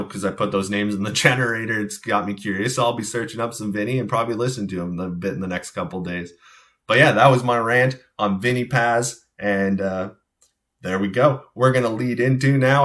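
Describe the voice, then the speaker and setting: Man, lower voice, easygoing host, rambles with fillers. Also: steady tone, normal speed, a bit bright. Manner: laid-back, rambling with fillers. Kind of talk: casual show talk.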